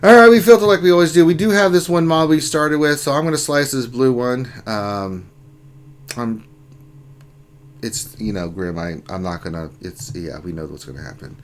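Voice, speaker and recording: A man in a mid range hosts a relaxed lunchtime game stream. He greets viewers by name and groans theatrically. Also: medium pitch, normal speed, slight background noise. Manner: reads out chat names, mock-groaning. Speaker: stream host. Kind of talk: casual livestream chat.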